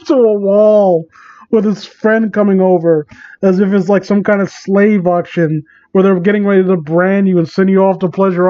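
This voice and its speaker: A man's voice: high voice, mellow, highs cut off. A man hosting a comedic reading of fan fiction, breaking off into sarcastic, incredulous, rambling asides. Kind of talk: comedic dramatic reading with commentary.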